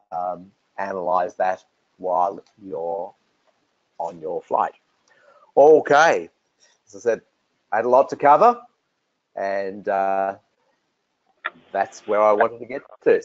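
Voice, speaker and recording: A man with an Australian accent presenting software and answering technical questions, relaxed, with many fillers and restarts. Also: sits low, no room sound. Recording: dull, dry lo-fi audio.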